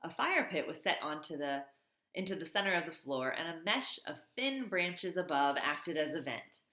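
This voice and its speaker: A woman's voice: low-pitched, lively intonation, normal speed, sharp tone, echoey room, low-quality recording. A woman reading a children's novel aloud, in a plain read-aloud manner with small slips and self-corrections. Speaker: reader.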